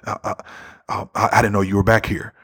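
Give me a man playing a caught-off-guard store manager, stammering, slightly husky. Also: on the low side, flat delivery, brisk, fairly bright tone. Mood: flustered. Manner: stammering, apologetic. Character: flustered apologetic male store manager.

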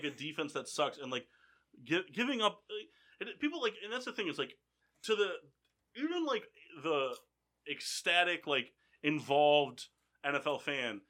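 A young man hosting a casual sports talk show, reading game recaps in an announcer style and then chatting loosely with lots of fillers. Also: on the high side. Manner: energetic announcer-style delivery in recaps, rambling with many fillers in chat. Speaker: sports podcast host.

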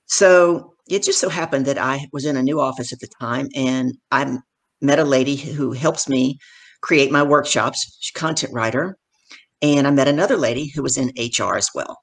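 A middle-aged woman, a professional speaker and guest, telling stories from her career in animated conversation and acting out the people in them. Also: extremely low pitch, normal speed, husky. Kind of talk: conversational storytelling.

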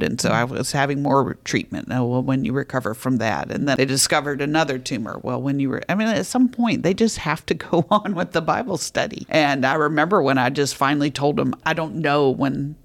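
A woman author who is a guest on a faith podcast, telling her own story in a candid, calm way. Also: very deep voice.

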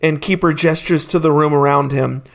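A man narrating a tabletop game as game master, slow and descriptive. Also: on the high side, steady tone, gravelly.

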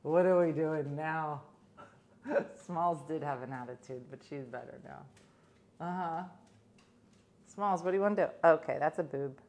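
A woman's voice: low-pitched, normal speed, darkish tone. A woman in her fifties chatting casually and coaxing her dog, treating it as her playful co-host. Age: 50s. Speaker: host of a home pet show.

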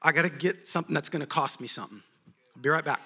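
A man's voice: a little high, rapid-fire, pushed and bright, breathy edge, full character voice. A man voicing a whining, fearful young farmer hero who pleads and complains. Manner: whiny and pleading.

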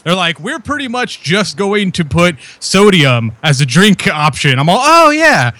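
A man's voice: high-pitched, expressive, normal speed, fairly bright tone, no room sound. A young man joining a casual podcast chat over a video call, wry and laughing easily. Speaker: guest calling in on a video call.

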